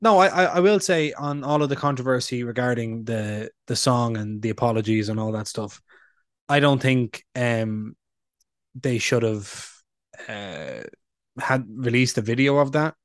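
A man co-hosting a casual podcast, telling stories with frequent filler pauses. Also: medium pitch, no echo, clean studio sound. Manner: chatty, storytelling with filler pauses. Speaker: podcast co-host. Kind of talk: casual chat.

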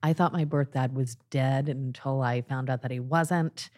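A woman hosting a podcast in casual conversation, talking haltingly with many restarts and the odd swear word. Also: rumbling low, steady tone, a little mellow. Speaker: podcast host.

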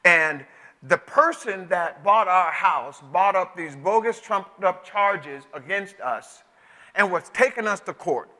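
A male pastor preaching a sermon in a conversational storytelling way that climbs to emotional shouts. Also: high voice, lively intonation, a little slow. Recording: echoey hall with long reverb.

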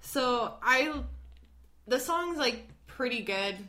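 A woman's voice: high voice, lively intonation, takes it slowly, bright, forceful tone. A young woman with a Midwestern accent co-hosting a podcast, chatty and full of "like". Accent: Midwestern American. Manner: chatty, laughs often, lots of "like". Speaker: podcast co-host. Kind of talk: casual chat.

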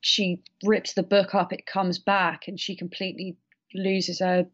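A woman's voice: fairly low pitch, little pitch movement, a little slow, muffled recording. A woman co-hosting a casual film discussion, rambling a bit with fillers and restarts.

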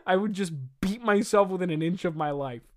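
A man's voice: sits high, fairly quick, darkish tone. A man in his twenties reading his own old play aloud, with exasperated, self-mocking commentary and frequent laughing.

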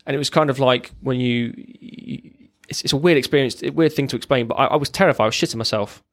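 A man's voice: medium pitch, quick pace, dry recording. A man, a military veteran, giving a raw, blunt personal account as a podcast guest, swearing freely and often restarting his sentences.

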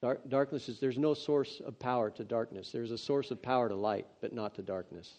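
A man preaching, reading scripture aloud and breaking off into earnest, excitable, conversational asides. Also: medium pitch, brisk. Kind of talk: devotional scripture reading with commentary. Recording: dull lo-fi sound.

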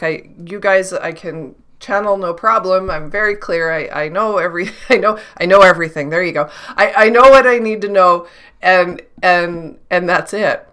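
A woman's voice: lowish voice, fairly bright tone. A woman who works as an intuitive channeler, thinking aloud in a reflective solo talk, questioning herself and restarting her sentences often.

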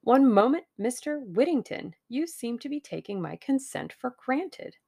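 A woman playing a sharp wary young heroine. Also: sits high, sing-song, measured pace, vocal fry, voice pushed up, heavily acted. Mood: wary, firm. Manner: wary and direct.

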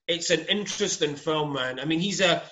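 A man co-hosting a film podcast with a slightly raised pitch. He rambles in a relaxed way between thoughts. The recording sounds dull and lo-fi. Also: brisk. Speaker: podcast co-host. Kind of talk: casual podcast chat.

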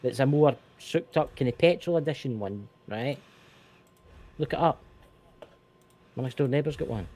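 A Scottish man co-hosting a casual podcast chat, animated and swearing, repeating himself when worked up. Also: medium pitch, normal speed, pauses often. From Scotland. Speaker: co-host.

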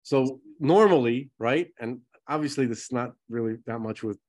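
A man's voice: mid-range voice, normal speed, darkish tone. A man co-hosting a podcast in casual chat, joking and easygoing. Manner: joking, easygoing, apologetic asides. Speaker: podcast co-host.

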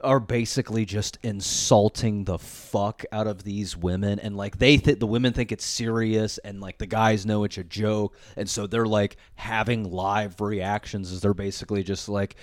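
A man's voice: fairly low pitch, steady tone, normal speed, few pauses, dry recording, studio quality. A young man co-hosting a podcast from a living room, chatting casually with lots of filler words and swearing. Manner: rambling, heavy filler words, swears often. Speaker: podcast co-host. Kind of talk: casual chat. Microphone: studio mic.

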